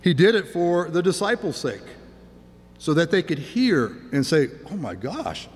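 A man's voice: fairly high pitch, expressive, measured pace, long reverb tail. A man preaching a sermon in an earnest way, often repeating and restarting his words.

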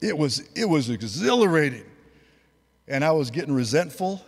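A man's voice: fairly high pitch, big pitch swings, normal speed, husky. A man in his sixties, preaching a sermon: he rambles through a personal story, then builds to fervent preaching. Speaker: pastor. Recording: long hall reverb.

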